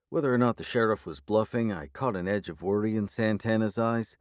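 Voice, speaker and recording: A man narrating an urban fantasy audiobook in the first person, measured and steady. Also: on the low side, no room sound, clean studio sound.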